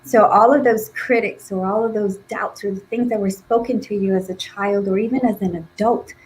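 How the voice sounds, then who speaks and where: A woman's voice: mid-range voice, steady tone, moderate pace, a little hiss or hum, poor audio. A woman in her forties from Nicaragua, speaking as a podcast guest with an emphatic, heartfelt and encouraging motivational style. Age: 40s. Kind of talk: motivational talk.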